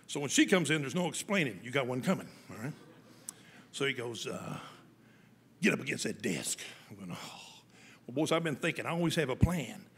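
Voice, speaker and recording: A man telling a humorous story to an audience, folksy and lively, often laughing as he goes. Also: a little high, long reverb tail, a little hiss or hum.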